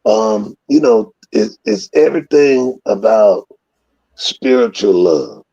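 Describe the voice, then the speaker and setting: A man with a gravelly, husky voice spins loose, profane stories in casual conversation. He acts out the scenes as he goes. The audio is slightly dull and lo-fi. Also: lowish voice, lively intonation, takes it slowly. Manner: profane, rambling storyteller who acts out scenes loudly. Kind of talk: casual storytelling.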